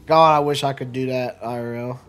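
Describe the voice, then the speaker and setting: A man giving casual let's play commentary, rambling and chatty, often laughing and tripping over his words. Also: mid-range voice. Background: faint game music.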